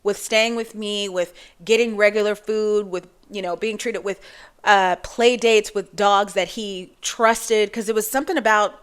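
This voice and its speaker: Woman in her forties, chatty vlogger, rambling asides, mid-pitched voice. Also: fairly even intonation, unhurried, clear, resonant tone. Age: 40s. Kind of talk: casual monologue to camera.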